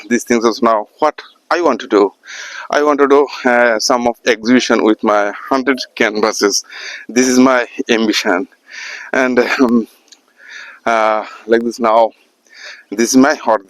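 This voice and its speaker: A man from Assam, an artist and art teacher who talks to the camera in halting English, with many pauses. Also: on the low side, fairly even intonation, a bit bright, no echo, low-quality recording. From Assam, India. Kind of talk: casual spoken talk to camera.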